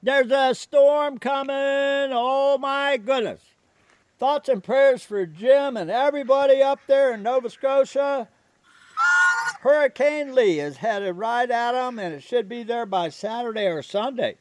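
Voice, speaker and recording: Very high-voiced man, slow and gentle. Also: no echo. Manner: gentle, coaxing talk to his goose. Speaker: vlogger and pet goose owner. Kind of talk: casual chat to camera and pets.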